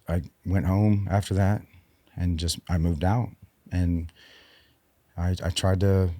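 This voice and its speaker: Low, dark-voiced man, halting and subdued. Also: dry recording. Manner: halting and subdued, with frequent restarts. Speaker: podcast guest, military veteran. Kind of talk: candid personal storytelling.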